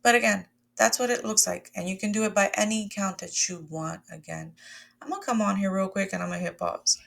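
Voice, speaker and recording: A wellness coach with a mid-range, fairly bright voice and vocal fry speaks a little fast. She leads a guided breathwork lesson, conversationally encouraging her listeners and calling them "my loves" and "y'all."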